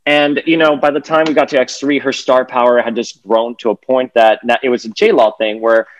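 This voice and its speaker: Animated male podcast co-host. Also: mid-range voice, lo-fi sound. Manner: animated, quick and talkative with frequent restarts. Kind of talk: casual chat.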